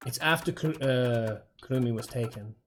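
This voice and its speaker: A man's voice: mid-range voice, moderate pace, faint music behind. A man from Dorset with an English accent, chatting casually and rambling with lots of fillers while streaming a game. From England, Dorset. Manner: rambling, chatty, self-interrupting with many fillers.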